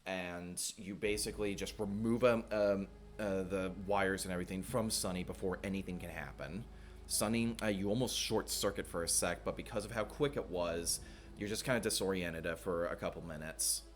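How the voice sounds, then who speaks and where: A man with a very low voice runs a tabletop game as game master. He narrates scenes steadily, filling pauses with many ums and uhs. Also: a little hiss or hum. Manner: lots of filler words, steady descriptive narration.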